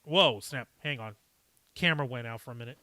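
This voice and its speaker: A man hosting a live stream, chatting casually and reading viewer comments in a profane, rambling, animated way. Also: medium pitch, a little fast, no echo.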